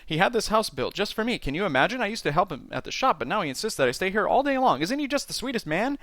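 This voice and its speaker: A man voicing a chatty middle-aged woman from a computer game who talks without pausing for breath. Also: sing-song, fairly bright tone, no room sound, exaggerated voice. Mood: gushing. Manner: breathless, gushing, high and rapid.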